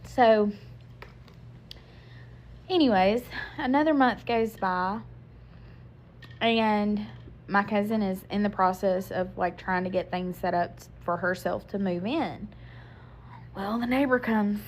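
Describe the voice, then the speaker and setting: A woman's voice: mid-range voice, fairly even intonation, moderate pace, pauses often, a little hiss or hum. A woman, telling a personal story to camera in a chatty way, with lots of fillers and restarts as she acts out what people said.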